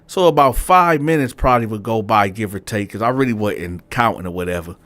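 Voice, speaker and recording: A man's voice: lowish voice, lively intonation, brisk, a bit bright, dry recording. A man telling a prison story in casual, slangy talk, speaking straight to his viewers. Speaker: storyteller host.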